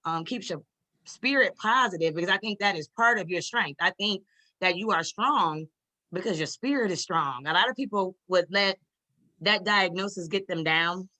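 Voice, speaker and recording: A woman's voice: fairly low pitch, moderate pace, bright, forceful tone. A woman on a video call, talking heartfelt and rambling to a friend, swearing casually, getting emotional.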